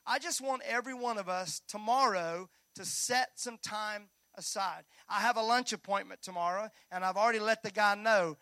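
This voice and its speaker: Man, pastor, lively sermon, jokes with the congregation, high pitch, dry sound. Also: normal speed, few pauses, no room sound. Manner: energetic, joking with the congregation. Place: church sanctuary.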